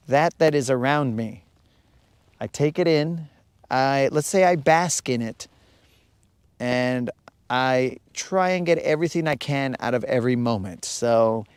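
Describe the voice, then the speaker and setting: A man talking in an unhurried, drawn-out way, every word taking its time, while he hosts a fishing livestream from a boat out on a lake. His sound is close and dry with no room around it. He rambles, cracks jokes and answers his chat in relaxed, off-the-cuff talk. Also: medium pitch, clean tone, dry recording. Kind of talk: casual live-stream chat.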